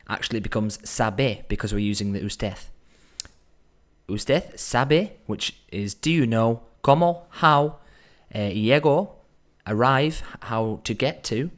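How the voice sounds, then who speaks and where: A man teaching Spanish in a relaxed, explanatory way, slowing down to sound out phrases and thinking aloud as he goes. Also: fairly low pitch. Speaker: Spanish tutor. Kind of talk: explanatory language lesson.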